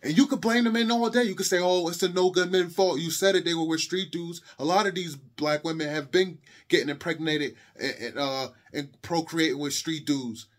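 A man's voice: a little high, normal speed, few pauses. A young adult man giving a heated monologue to camera, impassioned and repetitive, lecturing his viewers. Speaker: video commentator.

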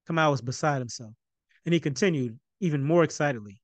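A man reading his own novel aloud in an even storytelling narration. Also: fairly high pitch, fast, no echo. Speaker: author.

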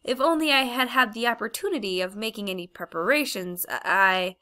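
A woman voicing a nervous, fawning old gentleman magician in an audiobook, stammering and overly polite. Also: a little high, a little fast, voice pushed up. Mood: flustered. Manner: stammering, obsequious.

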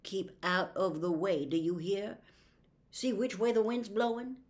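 A woman reading an audiobook, voicing a calm, steady grown man who speaks slowly and low. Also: close to an everyday voice. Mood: calm firm. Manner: slow, low and measured.

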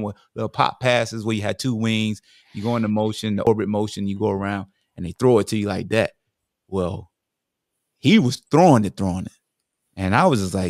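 A man from Virginia, a former football player, telling stories in a lively way and acting out the voices of the people in them. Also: medium pitch, gravelly, dry recording, clean studio sound. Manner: lively, acts out voices in his anecdotes. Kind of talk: animated storytelling interview.

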